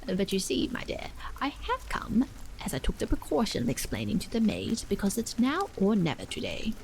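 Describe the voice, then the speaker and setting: A woman's voice: medium pitch, wildly swooping pitch, normal speed, a little hiss or hum, poor audio. A woman whispering as a fussy old vicar, whispered role-play. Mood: earnest. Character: elderly male vicar, agile and earnest.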